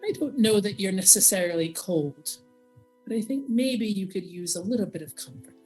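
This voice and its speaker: Gentle older professor, voiced by a woman. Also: mid-range voice, lively intonation, moderate pace, soft background music, natural voice, rough recording. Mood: kindly. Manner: soft and motherly, calls people dear.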